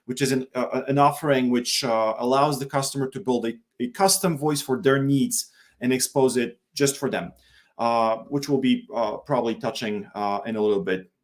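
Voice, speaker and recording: A man from Poland speaking as a guest in a casual webinar, halting and often repeating words, over a video call. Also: mid-range voice. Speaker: product manager guest.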